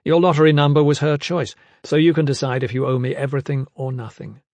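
A man voicing a stern, commanding male ruler who speaks in pointed, forceful lines in an audiobook. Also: medium pitch, flat delivery, quick pace, dry recording, natural voice.

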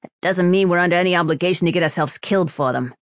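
A man's voice: sits high, rapid-fire, fairly bright tone, no echo, pitched above the performer's own voice. A man voicing a tough, cynical female mercenary in an audiobook. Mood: scornful. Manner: cynical, scornful.

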